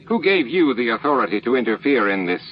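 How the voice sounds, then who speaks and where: A man's voice: mid-range voice, very animated, quick pace, lightly acted. A hostile male leader who growls and sneers his accusations, as a man puts him on. His voice comes through a dull, lo-fi recording with faint hiss.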